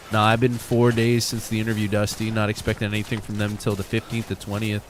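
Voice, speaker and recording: A young man streaming a game live, chatting loosely and excitably with viewers. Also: lowish voice, quick pace, few pauses, slight background noise. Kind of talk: casual live-stream chat.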